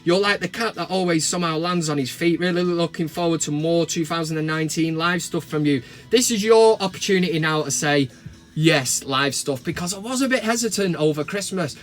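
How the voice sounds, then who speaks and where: A middle-aged man from England with a Mancunian accent, ranting and joking to camera from his van, bursting into mock shouts. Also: fairly high pitch, brisk, faint music behind. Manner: swears and mock-shouts in outbursts. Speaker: vlogger. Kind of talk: casual comedic rant to camera. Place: parked van cab.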